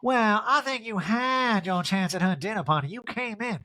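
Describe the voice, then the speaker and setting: A man's voice: high-pitched, moderate pace, bright, forceful tone, voice pushed up. A man doing a raised-voice impression of a blunt, sarcastic reality-TV woman in a comedic recap. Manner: sarcastic, emphatic.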